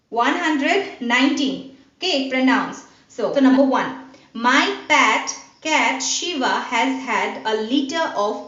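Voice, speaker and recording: A woman's voice: sits high, fairly bright tone, far from the mic. A woman teacher with an Indian English accent, explaining a grammar lesson step by step and answering her own questions. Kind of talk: online class lesson. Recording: dull, roomy sound from off-mic.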